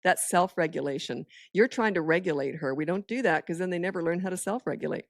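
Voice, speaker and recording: A woman with a lowish voice speaks as a parenting expert, firm and matter-of-fact in a relaxed chat. Her delivery is direct and plain. The sound is close and dry, with no room around it. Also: fast talker, no room sound. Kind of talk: casual podcast chat.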